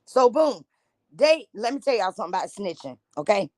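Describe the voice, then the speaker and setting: A woman's voice: medium pitch, very animated, brisk, darkish tone, dry recording. A woman from Jacksonville, reacting to a news clip in a blunt, heated, profane rant. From Jacksonville, Florida.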